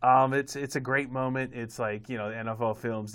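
A man's voice: medium pitch, fairly even intonation, moderate pace, a bit bright, smooth. A man co-hosting a casual sports podcast, rambling along with plenty of fillers and chuckling at his own asides. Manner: rambling, self-amused, many fillers. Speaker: podcast co-host.

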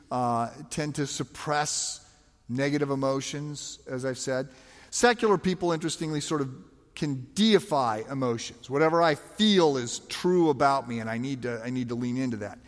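A man's voice: fairly high pitch, long reverb tail. A man preaching a sermon as a pastor, talking conversationally with emphatic rhetorical questions.

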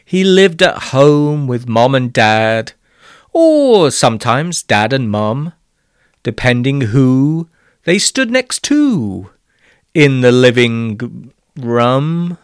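Slow, expressive male storybook narrator. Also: medium pitch, smooth, dry recording, studio quality. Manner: weary, exasperated by interruptions.

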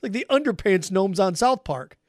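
A man hosting a sports talk show, ranting in a sarcastic, mocking way and jumping between loud outbursts and quiet asides. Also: sits high, moderate pace, no echo, studio quality. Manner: sarcastic, mocking, animated rants.

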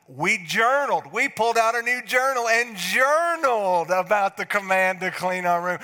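A man voicing excited teenage kids who make eager, sheepish excuses for not doing their chore. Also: high voice, voice pushed up. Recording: echoey hall.

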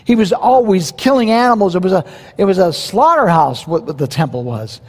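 A pastor preaching a verse-by-verse sermon in a conversational, animated way, with quoted asides. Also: male voice, sits high, fairly quick, slightly rough, big-room sound.

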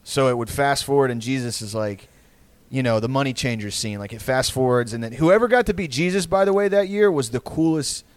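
This Texan podcast host rambles through casual comedic stories, swearing and often restarting his sentences. He talks fairly quickly with hardly any pauses, in a medium-pitched, clean voice on a dry recording.

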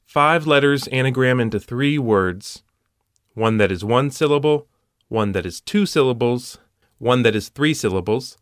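A man's voice: medium pitch, lively intonation, unhurried, smooth, no room sound. A man hosting a puzzle show, walking through solutions step by step with dry punning asides.

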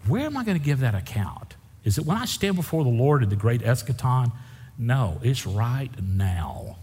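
Husky pastor preaching in a reverberant hall. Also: male voice, mid-range voice, very animated, quick pace, darkish tone. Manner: folksy, emphatic preaching with repetition. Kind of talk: sermon. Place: church sanctuary. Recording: long reverb of a church hall.

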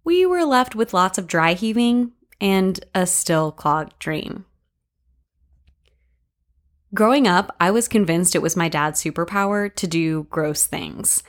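A woman's voice: fairly low pitch, measured pace, few pauses. Wry woman telling memoir stories. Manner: wry, deadpan humor. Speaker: podcast host. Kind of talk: scripted memoir storytelling.

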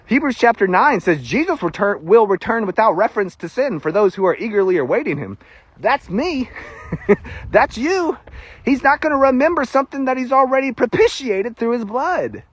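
Southern US male preacher, casual sermon delivery, self-deprecating and quick to laugh, higher-pitched voice with a husky texture. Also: very animated, dry recording.

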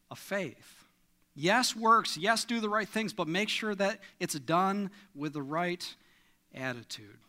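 A man's voice: fairly high pitch, pushed and bright. A middle-aged man preaching a sermon in a church, earnest and emphatic, pressing his listeners with questions. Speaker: pastor. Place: church sanctuary.

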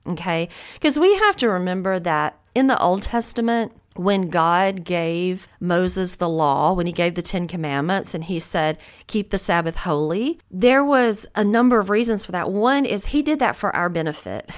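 A woman's voice: on the low side, lively intonation, moderate pace, hardly any pauses. A woman host giving a conversational devotional Bible teaching, earnest and encouraging, often thinking aloud.

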